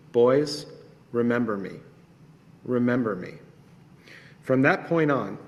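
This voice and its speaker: A young man reading a personal remembrance at a ceremony, earnest and reflective. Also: medium pitch. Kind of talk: personal testimony read aloud. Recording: reverberant hall.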